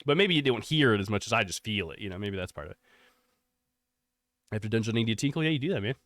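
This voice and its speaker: A man's voice: fairly low pitch, quick pace, no room sound. A young adult male streamer chatting casually with his viewers, with a nasal, congested voice from a cough. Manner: relaxed, rambling, thankful. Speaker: live streamer. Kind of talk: casual chat with chat.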